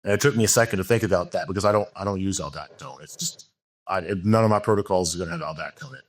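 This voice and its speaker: A man's voice: deep voice, rapid-fire. A man talking as a podcast guest, telling a frank, rambling story full of fillers and restarts. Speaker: podcast guest, bodybuilding coach. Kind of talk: casual interview talk.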